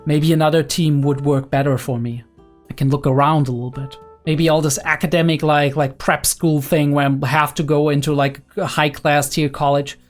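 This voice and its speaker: A young man giving casual anime reaction commentary, excited and analytical, often checking in with "right?" and filler "like". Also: on the high side, moderate pace, faint music behind. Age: young adult.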